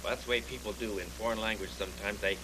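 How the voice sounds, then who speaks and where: A man's voice: lowish voice, fairly even intonation, racing, bright, forceful tone, slight background noise, rough recording. A man voicing a fussy, flustered male bunny in a 1970s TV puppet show, stammering and polite.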